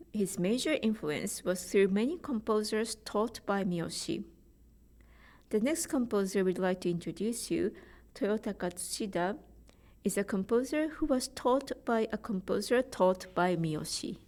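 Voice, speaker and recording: Japanese-accented woman presenter, mid-pitched, measured and careful delivery. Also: darkish tone. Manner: careful, measured explanations with spoken pronunciation examples. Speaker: choral music presenter. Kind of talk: prepared presentation.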